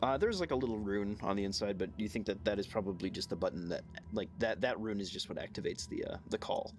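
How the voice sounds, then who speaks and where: A man running a tabletop game as game master, narrating and answering the players in a halting way that stumbles over its words. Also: lowish voice, slight background noise.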